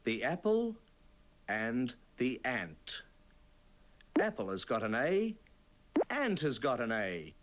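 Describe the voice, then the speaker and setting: A man presenting a children's TV reading lesson, speaking slowly and clearly in an encouraging, sing-song way. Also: medium pitch, huge pitch swings, fairly bright tone, slight background noise.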